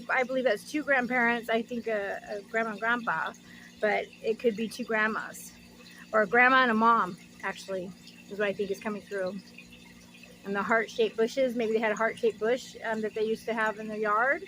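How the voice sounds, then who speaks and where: A woman's voice: high-pitched, fairly bright tone, a little hiss or hum. A woman giving an oracle card reading, reading card texts aloud and breaking in with gushing, reflective asides.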